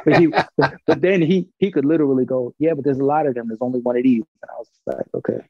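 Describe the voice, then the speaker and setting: A man from Brooklyn, telling a story in casual, animated talk and acting out the other people's lines. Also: mid-range voice, a little fast, no echo, dull audio. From Brooklyn, New York. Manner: animated, acts out quoted dialogue, swears freely.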